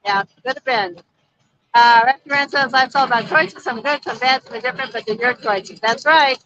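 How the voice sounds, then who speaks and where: A woman's voice: a little high, normal speed, sharp tone, soft background music. A woman co-hosting a casual live stream from a busy street, reading viewer comments aloud and chatting. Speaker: vlog co-host reading live chat. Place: busy street outdoors at a motorcycle rally. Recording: dull lo-fi livestream audio.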